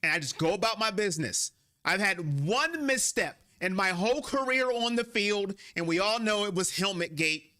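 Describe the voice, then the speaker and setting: A man's voice: high-pitched, normal speed. A man hosting a casual sports fan livestream, greeting chat by name and riffing emphatically. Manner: animated, reads chat names, paraphrases a player in an emphatic voice.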